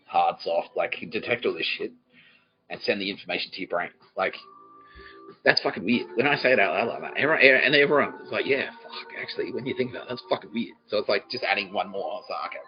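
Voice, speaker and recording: A man's voice: deep voice, dull audio. A man with an Australian accent hosting a podcast, telling a rambling comic story full of swearing and laughter, slipping into quoted voices. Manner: profane, laughing, jumps between quoted voices. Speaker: podcast host.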